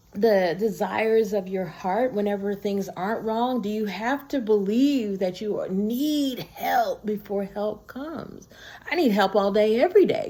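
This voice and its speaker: A woman's voice: mid-range voice, mellow. A woman vlogging straight to camera in a casual, earnest and heartfelt way, recorded on a built-in camera or phone mic. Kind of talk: casual personal talk to camera.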